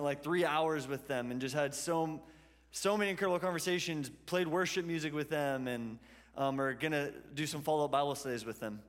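Male pastor, slightly high voice, casual storytelling sermon, church hall reverb. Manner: conversational storytelling preaching.

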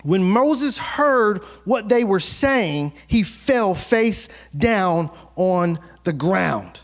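Lively high-voiced pastor preaching casually. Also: male voice, extremely slow. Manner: conversational, playful, acts out quotes, laughs often. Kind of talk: sermon.

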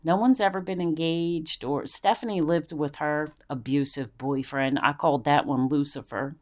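A middle-aged woman hosting a casual chat, telling family stories in a blunt, animated way. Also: sits low, normal speed. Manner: animated, blunt storyteller with swearing. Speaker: podcast host.

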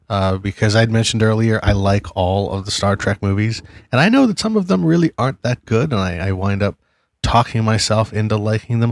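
A man's voice: lowish voice, no echo, clean studio sound. A man on a podcast panel laying out a thoughtful argument with some hesitations. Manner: thoughtful, reasoned argument with fillers. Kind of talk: casual discussion.

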